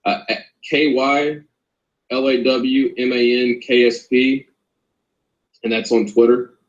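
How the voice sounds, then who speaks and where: A man's voice: mid-range voice, little pitch movement, takes it slowly, roomy sound, highs cut off. A man, a former corrections officer, speaking as an interview guest, earnest and polite. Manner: earnest, polite, addresses host as ma'am. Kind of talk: interview over a call.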